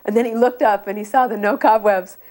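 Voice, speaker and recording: A woman devotee recounting memories in relaxed, meandering anecdotes. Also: medium pitch, fairly quick.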